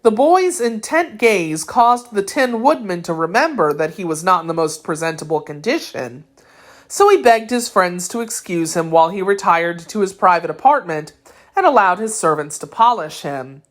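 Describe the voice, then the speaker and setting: A woman narrating a classic children's storybook with clear, expressive reading. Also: on the low side, normal speed. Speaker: audiobook narrator.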